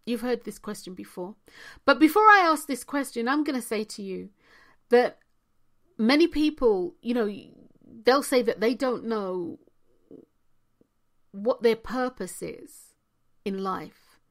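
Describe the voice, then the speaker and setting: Woman, motivational monologue, fairly high voice, unhurried, emphatic repetition. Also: expressive. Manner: emphatic, repeats key phrases, drops to near-whispers. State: hiccuping. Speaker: spiritual coach.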